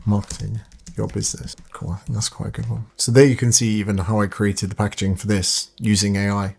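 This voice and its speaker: A man's voice: on the low side, level tone, a little fast, creaky, darkish tone, breathy edge. A man giving a casual screen-share tutorial as a business mentor, chatty and thinking aloud, swearing when frustrated.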